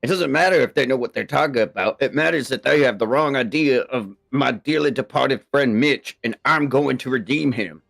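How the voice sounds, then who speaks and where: A man's voice: medium pitch, moderate pace, gravelly, few pauses, fairly bright tone. A man speaking in character as a player in a tabletop game, rambling and flustered, fumbling names. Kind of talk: in-character tabletop role-play.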